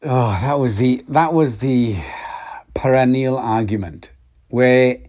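A middle-aged Welsh man, an actor, giving reflective interview answers with many restarts. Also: medium pitch. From Wales. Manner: halting, many restarts, soft laughs.

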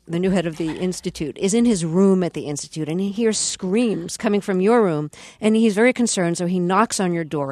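A woman's voice: lowish voice, darkish tone, dry recording. A woman hosting a radio interview, asking curious questions and introducing clips. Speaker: interview host.

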